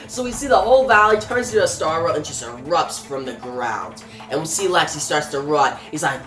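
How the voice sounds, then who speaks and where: A woman recapping a comic's plot in a casual, plain retelling, pausing with fillers. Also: low-pitched, animated, fairly bright tone. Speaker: comic reviewer. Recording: roomy with faint music.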